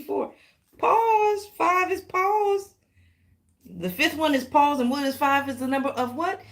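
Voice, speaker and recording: A woman hosting a live tarot reading, talking warmly and directly to her viewers with pet names and playful exclamations. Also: high voice. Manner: affectionate, animated, talks directly to viewers. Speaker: tarot reader.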